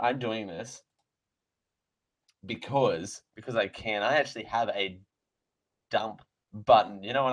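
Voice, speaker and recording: A man's voice: fairly low pitch, measured pace, long pauses, low-quality recording. A man hosting a live radio show from a studio mic, rambling and correcting himself with sarcastic asides. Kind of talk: live radio talk, reading mail aloud. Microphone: close studio microphone.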